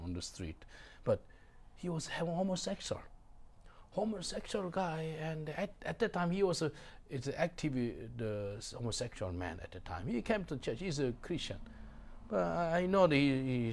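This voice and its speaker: A middle-aged man, a pastor preaching a sermon in halting, broken English. He drops to low murmurs and then bursts out loudly. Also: sing-song. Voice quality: gravelly. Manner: swings from low murmurs to loud exclamations.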